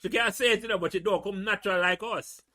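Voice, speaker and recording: A Jamaican man hosting a casual podcast chat, talking in an animated, rambling way. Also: high voice, fast talker. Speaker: podcast host.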